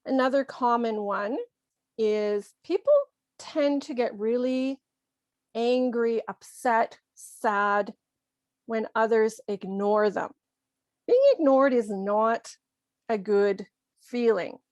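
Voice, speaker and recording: A woman teaching English to learners, explaining things slowly and carefully with acted examples. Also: fairly high pitch, a little mellow, no echo. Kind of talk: slow, careful ESL lesson.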